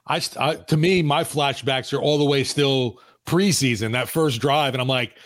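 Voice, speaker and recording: A man's voice: mid-range voice, normal speed, hardly any pauses. A man co-hosting a sports podcast, easygoing and laughing along. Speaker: podcast co-host and sports director. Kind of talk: casual sports podcast chat.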